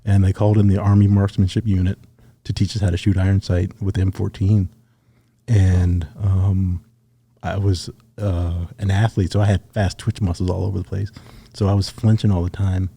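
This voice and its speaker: Middle-aged male guest, deep and mellow, laid-back storyteller. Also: husky, no echo. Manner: relaxed storyteller, acts out quoted dialogue. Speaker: guest, retired Navy SEAL sniper. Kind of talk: casual storytelling interview.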